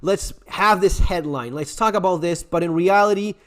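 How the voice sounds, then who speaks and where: Speaking high and fairly bright at a moderate pace, this man hosts a survival channel and delivers sarcastic, blunt remarks straight to camera. He swears freely and often starts sentences over mid-rant.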